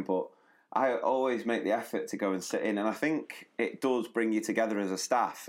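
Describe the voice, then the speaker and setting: A man with a lowish voice co-hosting a podcast, speaking in an easygoing, chatty way. He talks plainly and often laughs along. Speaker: podcast co-host. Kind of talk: casual podcast chat.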